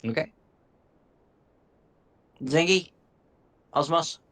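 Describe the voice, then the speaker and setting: A man's voice: fairly high pitch, slow pace, a bit bright. A man narrating a tabletop game as game master, casual and easygoing.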